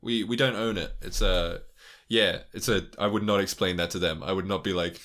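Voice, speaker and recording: A man's voice: low voice, fairly even intonation, moderate pace, a bit bright. A young man in a casual interview, rambling, laughing often and swearing freely. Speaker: YouTuber guest.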